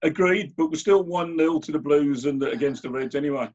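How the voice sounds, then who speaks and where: A middle-aged man hosts a relaxed interview, stumbling and restarting as he reads out questions. His voice is slightly husky. The recording sounds dull and lo-fi. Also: on the high side, fairly quick. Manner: hesitant, with many fillers and restarts. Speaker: host and interviewer. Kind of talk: conversational interview.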